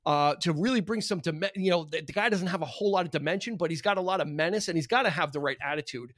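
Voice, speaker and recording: A man's voice: a little high, fast, fairly bright tone, no room sound, studio quality. A man co-hosting a podcast, chatting casually about a movie and rambling with many fillers. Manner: rambling, fills with "you know". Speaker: podcast co-host.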